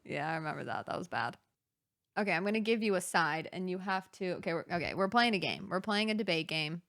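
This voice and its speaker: A woman's voice: lowish voice, sing-song, quick pace, a bit bright. A young woman hosting a podcast, chatting casually with her sister and telling childhood stories with frequent giggles. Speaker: podcast host.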